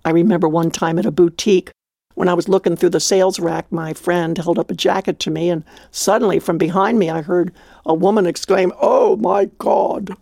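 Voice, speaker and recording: A woman's voice: on the low side, steady tone, brisk, gravelly, a little mellow, no echo. A woman hosting a devotional radio talk, telling a story and preaching in a heartfelt, exclamatory way.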